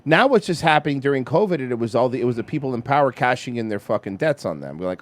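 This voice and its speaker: A man's voice: mid-range voice, big pitch swings, fast, hardly any pauses. A man hosting a crude comedy talk show, blunt, profane and conspiratorial. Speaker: host. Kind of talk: crude comedic political chat.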